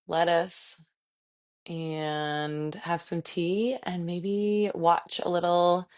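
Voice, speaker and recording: A lower-pitched woman speaking into a computer on a video call as she closes a virtual class. She is effusive and a little teary, thanking attendees warmly. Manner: warm, effusive and gushing, reads chat comments aloud. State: emotional, tearing up. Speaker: fitness instructor. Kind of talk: live virtual class wrap-up.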